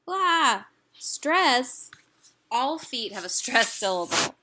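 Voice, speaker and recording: A woman teaching a recorded lesson, explaining slowly and carefully with some fillers. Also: medium pitch, a bit bright. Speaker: language teacher.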